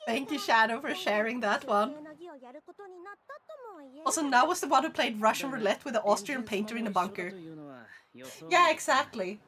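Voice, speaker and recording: Giggly Swedish woman streamer, lively voice. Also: a little high, moderate pace, pauses often. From Sweden. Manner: giggly, chatty, laughs often. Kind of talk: casual live-stream chat, reading viewer comments aloud.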